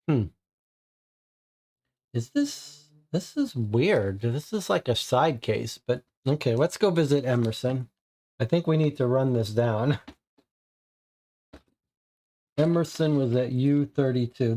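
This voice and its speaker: A man's voice: medium pitch, lively intonation, a little slow, warm tone. A man playing a co-op mystery board game, reading the case entries and thinking aloud, puzzled about the clues. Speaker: game player and host.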